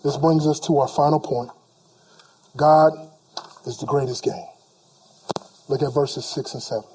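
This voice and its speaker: A man's voice: a little high, fairly even intonation, a little slow, darkish tone, breathy edge. A male preacher delivering an emphatic sermon, repeating phrases for weight and acting out imagined people in casual speech.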